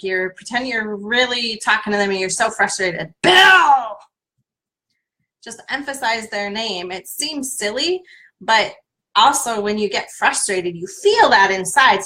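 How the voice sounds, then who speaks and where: A woman's voice: mid-range voice, animated, moderate pace, pushed and bright, poor audio. A woman coach guiding listeners through a tapping exercise on a live stream, repeating a name again and again for them to follow.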